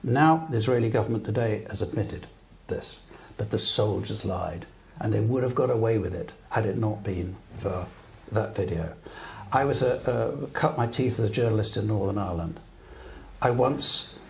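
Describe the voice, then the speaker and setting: An older British man, a guest broadcaster, tells stories earnestly and emphatically during a live public interview at a talk venue with an audience. His voice is fairly low and darkish, with a little hiss or hum.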